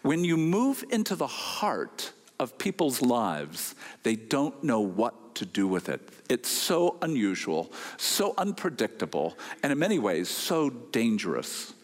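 A man telling a story to an audience with a moral point, animated and wry, full of rhetorical questions. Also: mid-range voice, unhurried, hardly any pauses, big-room sound. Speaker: speaker addressing an audience.

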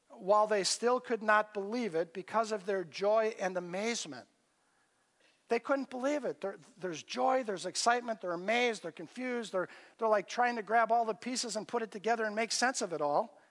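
A man with a high-pitched voice preaching a casual, storytelling sermon. He slips in and out of little voices for the people in the passage. His voice rings with the long reverb of a church sanctuary. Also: normal speed, a bit bright. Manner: conversational preaching, acts out scripture dialogue in varied voices. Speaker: pastor.

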